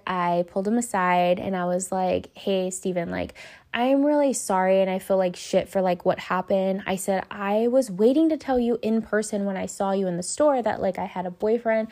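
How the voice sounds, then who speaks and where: A woman's voice: mid-range voice, a little mellow. A young woman hosting a podcast, telling a personal story casually and animatedly, swearing and acting out her own panicked lines. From Southern California. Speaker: podcast host.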